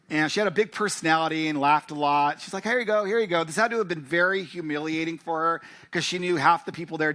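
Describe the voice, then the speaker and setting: A man's voice: fairly high pitch, pushed and bright. A man preaching a sermon, telling a personal story and acting out family dialogue. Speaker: pastor. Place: church.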